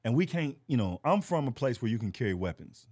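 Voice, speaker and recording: A man, a comedian guest on a casual podcast, teasing the host and telling stories with animated delivery, acting out the other people in them. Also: mid-range voice, fairly quick, slightly rough, no room sound, studio quality. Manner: animated storyteller who teases and acts out quoted voices.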